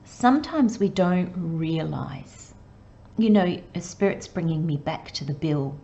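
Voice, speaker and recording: Gentle low-voiced woman reading tarot. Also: lively intonation, gravelly, highs cut off. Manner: slow, gentle, drifts into soft murmurs. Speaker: tarot reader.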